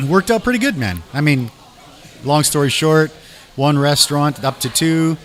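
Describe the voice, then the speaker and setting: A man's voice: a little high, unhurried. Chatty man telling stories. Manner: lively storyteller who acts out dialogue, peppered with "man" and "dude". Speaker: guest musician and restaurant owner. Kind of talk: casual chat.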